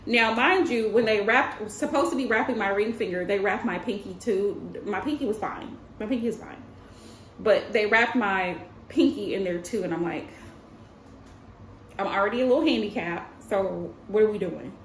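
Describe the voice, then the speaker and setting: A woman's voice: mid-range voice, normal speed, slight background noise. Chatty woman in her thirties, roomy echo. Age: 30s. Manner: chatty, addresses viewers as y'all, laughs often. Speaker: tarot reader streamer. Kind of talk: casual livestream storytelling. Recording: roomy echo with faint ambience.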